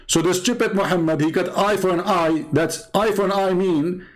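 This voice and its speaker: A man's voice: sits high, steady tone, moderate pace, faint music behind. A man from the Middle East whose first language is Arabic, speaking as a Christian apologist in combative, sarcastic polemic talk that hammers home the same points.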